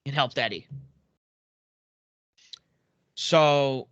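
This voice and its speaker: A man co-hosting a podcast, talking about wrestling in an excitable, rambling way. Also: medium pitch, extremely slow, clean tone, no echo, lo-fi sound. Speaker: podcast co-host. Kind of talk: casual wrestling chat.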